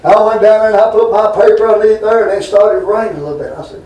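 A man's voice: high voice, steady tone, fast talker, a little mellow, distant mic, slight background noise. A man preaching a folksy, rambling sermon full of homespun stories and asides to his congregation. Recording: roomy hall, voice from off mic.

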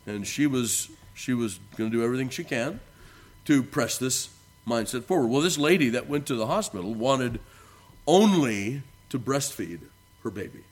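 Earnest preacher, rising then falling soft. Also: male voice, medium pitch, expressive, moderate pace. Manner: earnest preaching, rising for emphasis and dropping soft at phrase ends; reads scripture in a rising, declaiming voice. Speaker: pastor. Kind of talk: sermon.

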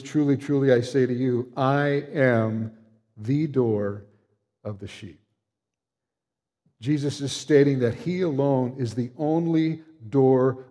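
A man preaching a sermon, earnest and emphatic, slowing down to stress key words. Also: mid-range voice, warm tone. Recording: long hall reverb.

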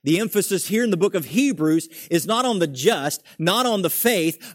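A man's voice: sits high, dry recording, clean studio sound. Man preaching a scripture-based sermon. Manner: reads scripture slowly, then preaches with rising animated emphasis.

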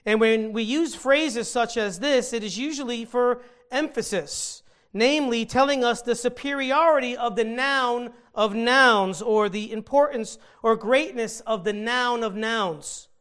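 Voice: mid-range voice, a little slow, fairly bright tone. A Bible teacher giving an earnest scripture teaching, stopping to explain the meaning of original-language words.

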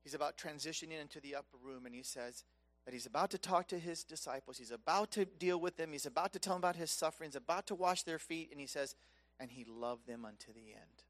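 A man preaching a sermon, impassioned and conversational, swinging between loud emphatic peaks and soft hushed lows. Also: fast talker. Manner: conversational, casual asides.

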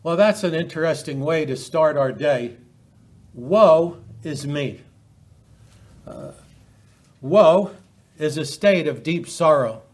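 Halting, higher-voiced male preacher. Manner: halting, repeats words, quotes scripture with rising emphasis. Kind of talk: sermon.

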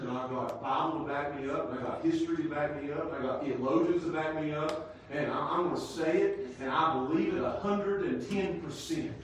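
Male preacher, high voice, emphatic, shouts then drops low; distant mic, big echoey sanctuary. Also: a little hiss or hum. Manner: emphatic, swings between shouting and quiet teaching. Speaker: pastor. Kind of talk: sermon. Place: church sanctuary. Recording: echoey church hall from far off.

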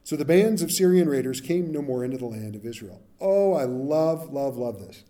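Conversational male preacher, mellow voice. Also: medium pitch, lively intonation, moderate pace. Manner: conversational, asks "right?" often, acts out Bible characters. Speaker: pastor. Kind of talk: sermon.

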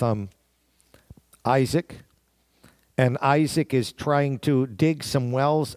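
A man's voice: medium pitch, a little mellow, no room sound. A man preaching a sermon, reading scripture aloud and acting out the voices he quotes. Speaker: pastor.

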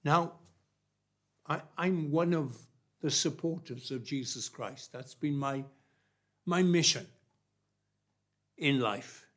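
A man preaching a sermon, emphatic and repetitive, with long pauses between phrases. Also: a little high, a bit bright.

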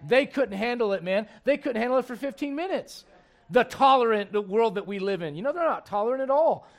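A man preaching a sermon, his voice pitched high for a man. He talks in an emphatic, conversational way and keeps asking the congregation rhetorical questions. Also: animated, brisk.

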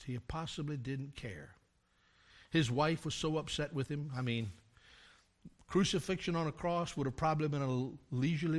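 An older man delivers a sermon at medium pitch, recounting a story from his years as a pastor and building to loud, emphatic climaxes.

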